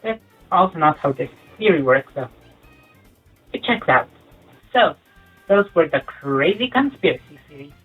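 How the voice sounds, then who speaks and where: An animated comedy youtuber rambling through a sarcastic monologue. The sound is thin and phone-like, and faint music plays underneath. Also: medium pitch, measured pace, long pauses, breathy edge.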